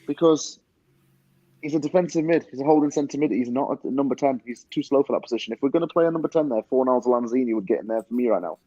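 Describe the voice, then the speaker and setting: A frank, opinionated man breaks down a football match on a panel show. His voice is dark and mellow. The audio is dry and dull, like a lo-fi call. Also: mid-range voice, fast talker, no echo. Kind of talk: casual football discussion.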